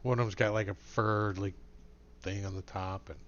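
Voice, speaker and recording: A man's voice: on the low side, fairly even intonation, normal speed, fairly bright tone, lo-fi sound, a little hiss or hum. A man running a tabletop game as game master, talking casually and rambling with many fillers.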